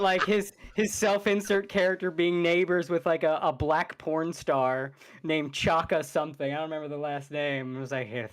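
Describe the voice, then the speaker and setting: A man chatting casually as a podcast co-host, telling rambling stories between laughs. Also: on the high side.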